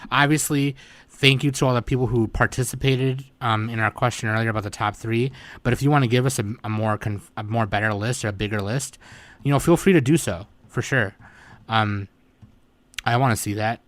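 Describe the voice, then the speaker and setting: A man with a medium-pitched voice talks fairly quickly, with no echo. Hosting a casual anime podcast, he sounds laid-back and tired, using lots of fillers and swearing.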